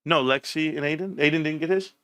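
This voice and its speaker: A man hosting a casual livestream from home, talking in an animated, rambling way with casual swearing. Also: fairly high pitch, fast talker, clean tone, dry recording. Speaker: livestream host.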